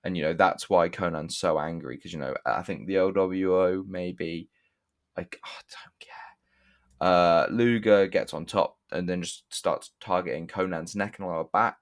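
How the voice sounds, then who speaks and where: A man's voice: low voice, steady tone, normal speed, few pauses. A young man talking through a wrestling show review in a casual, rambling way, swearing often and stopping to correct himself. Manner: rambling, profane, self-correcting with restarts.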